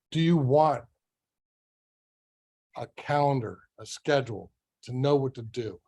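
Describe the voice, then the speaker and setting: A middle-aged man leads a motivational business training session for sales agents. He talks casually and keeps checking in with "right?" and other rhetorical questions. His pitch sits right in the everyday male middle. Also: measured pace, long pauses, darkish tone. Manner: conversational, full of rhetorical questions. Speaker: real estate sales trainer.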